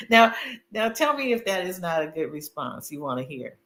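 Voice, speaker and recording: On a video call, a middle-aged woman tells a story in casual conversation, laughing often and using lots of fillers. Her voice is on the low side and fairly bright, at a moderate pace. Echo and a faint hum fill the recording.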